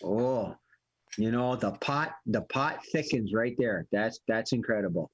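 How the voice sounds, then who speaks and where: A man hosting an improv comedy show with playful, jokey patter and a slightly husky voice. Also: lowish voice, a little slow. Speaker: improv host.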